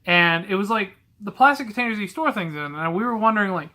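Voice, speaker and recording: A young man in his twenties tells candid, rambling stories straight to camera. His voice sits a bit high and sounds bright and forceful, with a blunt way of putting things. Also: expressive, quick pace. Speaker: vlogger telling stories about a past retail job. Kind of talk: casual storytelling to camera.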